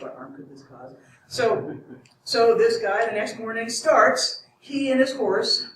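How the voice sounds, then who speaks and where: A woman's voice: fairly high pitch, a little hiss or hum. A woman telling a comic myth to a live audience, rambling with wry asides and self-corrections. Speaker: storyteller. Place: live event room. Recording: echoey room from far off.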